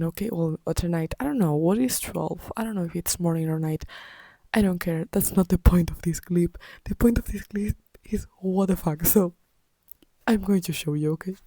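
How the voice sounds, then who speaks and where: A woman's voice: fairly low pitch, mellow, no echo. A tired young woman talking in a casual, exasperated reading vlog, often dropping into a whisper late at night. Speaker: book vlogger.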